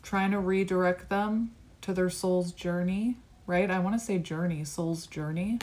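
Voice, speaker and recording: A woman's voice: lowish voice, steady tone, measured pace, a little mellow. A woman giving a tarot reading to the camera, musing card by card in a reflective, conversational way. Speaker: tarot reader.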